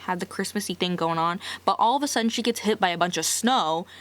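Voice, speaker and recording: A woman's voice: on the low side, fast talker, no echo. Chatty young woman recapping a movie. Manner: chatty, heavy use of filler "like"; sassy side comments.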